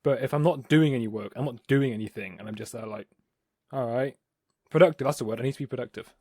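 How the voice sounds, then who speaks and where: A man's voice: medium pitch, rapid-fire, darkish tone, breathy edge, dry recording, clean studio sound. A young man co-hosting a podcast, rambling and hesitant, often self-deprecating. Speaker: podcast co-host. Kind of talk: casual podcast chat.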